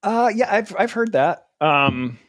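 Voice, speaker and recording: Slow yet very animated, a high-pitched man's voice with a slightly bright tone comes from a New Jersey comedian in his forties. As an interview guest in casual chat, he rambles, mocks himself, and laughs frequently. No echo is present.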